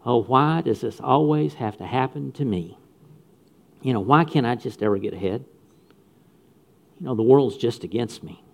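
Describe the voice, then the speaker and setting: A man's voice: mid-range voice, lively intonation, normal speed, creaky, long pauses, voice pushed down. A man voicing a gloomy, defeated self-pitying man who mopes and complains. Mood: whining. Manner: moping, sighing complaints.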